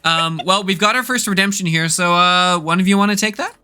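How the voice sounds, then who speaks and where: Male esports caster, slightly high, very bright tone, joking banter. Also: a little fast, clear, resonant tone, soft background music. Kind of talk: casual esports commentary.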